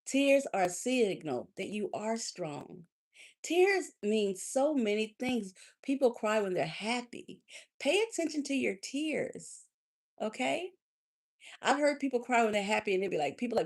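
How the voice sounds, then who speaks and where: A woman coach speaking live to her audience in a preacherly, lively way. She calls people honey and baby, rising loud then dropping soft. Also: fairly high pitch, normal speed. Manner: animated, swings between loud and soft. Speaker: life coach hosting a livestream. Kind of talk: live motivational talk.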